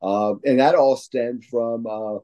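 A man with a mellow, middle-pitched voice talks casually and at length, piling up fillers like "uh" and "like." He sounds like an eager fan sharing stories. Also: fairly even intonation, takes it slowly, dull audio. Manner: rambling, filler-heavy, enthusiastic fan talk. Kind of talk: casual chat.

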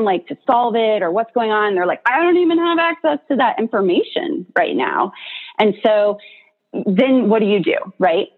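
A woman therapist explaining stress responses in a casual, chatty teaching talk, often adding "like" and "right?". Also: mid-range voice. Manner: chatty, lots of "like" and "right?" tag questions. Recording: tinny phone-like sound.

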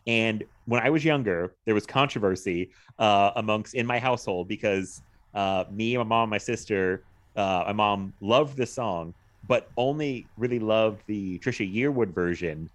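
A man with a somewhat low voice talks through films in easy, casual conversation. He rambles a little, hops between thoughts, and laughs often as he co-hosts. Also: moderate pace. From United States. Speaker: podcast co-host. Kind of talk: casual chat about movies.

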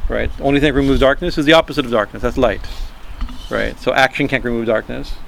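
A man giving an informal spiritual talk, halting and repeating himself, often checking in with a quick "right?" and chuckling as he explains. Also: mid-range voice, fairly even intonation, creaky, fairly bright tone, a little hiss or hum. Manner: halting, repeats words, frequent "right?" asides. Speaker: spiritual teacher.

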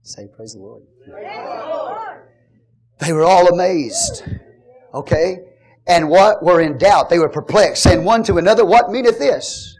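Fervent preacher, male, high-pitched, rouses the congregation with calls and shouts. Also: wildly swooping pitch, a little slow, pauses often. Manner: fervent preaching with call-and-response, shouting at peaks. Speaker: pastor. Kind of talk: sermon.

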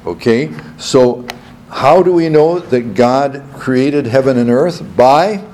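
A man's voice: medium pitch, takes it slowly, darkish tone, a little hiss or hum. A man teaching a Bible class. He reads scripture aloud, repeats key phrases and checks in with his students.

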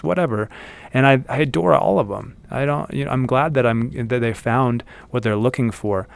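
A man with a low, gravelly voice talks through life advice in a relaxed motivational podcast. He is earnest and keeps circling back to repeat his points for emphasis. He sounds like he is recording outdoors. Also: no echo. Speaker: podcast host. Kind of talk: casual motivational talk. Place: outdoors in the desert.

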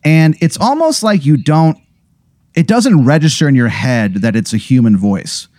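A man's voice: a little high, animated, moderate pace, darkish tone, no echo, clean studio sound. A man acting as game master, narrating an improvised comedy scene in a rambling, profane, joking way. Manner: rambling, profane, laughing storyteller.

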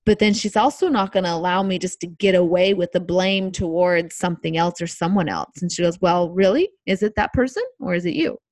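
A woman co-hosting a podcast, speaking in a reflective, measured way and quoting bits of conversation. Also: lowish voice, darkish tone, no room sound. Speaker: podcast co-host. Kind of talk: casual podcast chat.

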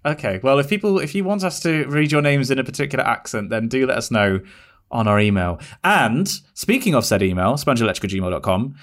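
A man's voice: mid-range voice, lively intonation, a little fast. A man co-hosting a casual podcast, playful and joking as he reads thank-you names. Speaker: podcast co-host.

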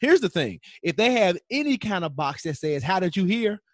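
Animated podcast co-host, fairly high voice. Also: male voice, moderate pace, no room sound, studio quality. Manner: animated, laughs often, breaks into song. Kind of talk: casual chat.

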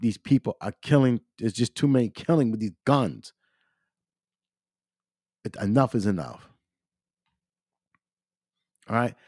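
A man's voice: on the low side, a little mellow, no room sound, clean studio sound. A man hosting a podcast by himself, ranting in a repetitive, emphatic way with frequent fillers. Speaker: podcast host. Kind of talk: casual solo podcast rant.

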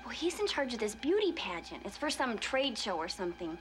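A bubbly, oblivious young roommate, her voice higher and lively with rising swings. Clear music plays under the TV clip. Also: a little fast. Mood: giddy. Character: cheerful naive young woman roommate. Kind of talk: TV drama acting.

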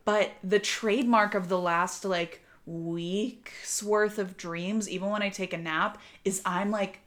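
A woman's voice: medium pitch, steady tone, slow, fairly bright tone. A young woman co-hosting a podcast, talking candidly in casual chat with lots of fillers and easy laughs. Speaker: podcast co-host.

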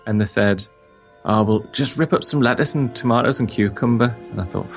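Joking co-host in casual chat. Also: male voice, medium pitch, a little fast, vocal fry, faint music behind. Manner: joking, teasing.

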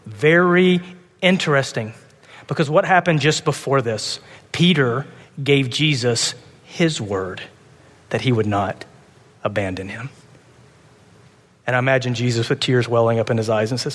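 A man preaching a sermon with passion, swinging between urgent, loud pleading and soft, hushed moments. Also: mid-range voice, measured pace, long pauses, long reverb tail. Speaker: pastor.

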